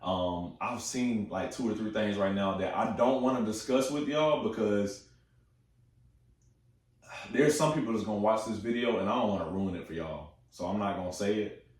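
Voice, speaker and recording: Young man, fairly low voice, excited slangy movie chat, swears a lot; echoey room, mic set back. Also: normal speed, recorded from a distance. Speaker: movie talk host.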